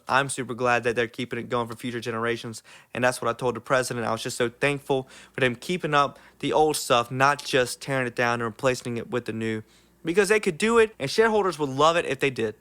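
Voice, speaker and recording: A man's voice: mid-range voice, a little fast, fairly bright tone. A young man giving an enthusiastic, casual theme park ride review, full of "like" fillers.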